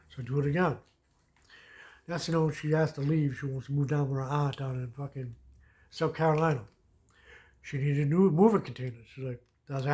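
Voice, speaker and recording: A man of ordinary pitch tells a long personal story in a loose, rambling way. He swears freely and keeps circling back with filler phrases. His tone is casual and unpolished, like a vent to a friend. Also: fairly even intonation, brisk, long pauses, a little mellow. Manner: profane, rambling, repeats "you know what I mean". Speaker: vlogger.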